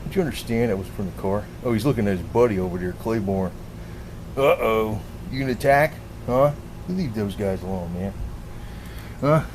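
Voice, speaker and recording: A man's voice: fairly low pitch, lively intonation, brisk, noisy background. Rambling man coaxing his cats. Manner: coaxing pet talk mixed with rambling asides and casual swearing. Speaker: cat owner filming his cats. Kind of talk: casual rambling monologue.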